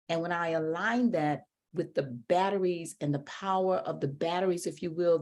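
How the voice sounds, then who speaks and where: Low-voiced woman hosting a podcast. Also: a little mellow. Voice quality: emphatic, repeats key phrases. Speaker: podcast host. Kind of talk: book discussion podcast.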